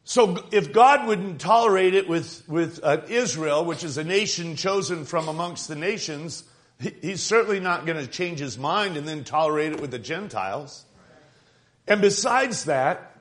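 A man's voice: a little high, animated, moderate pace, fairly bright tone. A male pastor giving an emphatic evening sermon, repeating phrases and asking his congregation "right?".

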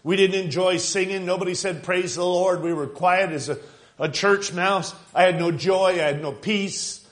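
A man preaching a fervent sermon, retelling stories and building to loud exclamations. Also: sits high, moderate pace. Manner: fervent, rising to shouts, quoting and laughing.

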